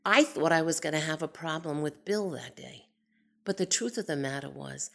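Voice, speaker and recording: Animated woman telling a personal story. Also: sits low, moderate pace, gravelly. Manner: animated, expressive, swings from excited to hushed. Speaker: storyteller, aviation enthusiast.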